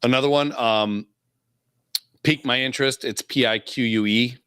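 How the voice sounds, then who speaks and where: A man's voice: medium pitch, steady tone, normal speed, a bit bright, clean tone, no room sound, studio quality. A man co-hosting a podcast, talking casually and swearing freely, with frequent chuckles. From Illinois. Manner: laid-back, profane, chuckles often. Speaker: podcast co-host.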